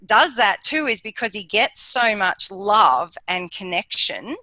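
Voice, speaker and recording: A woman's voice: mid-range voice, animated, measured pace, bright, forceful tone, no room sound, poor audio. A woman hosting an interview, affirming her guest with frequent agreement. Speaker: podcast host. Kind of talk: casual conversational interview.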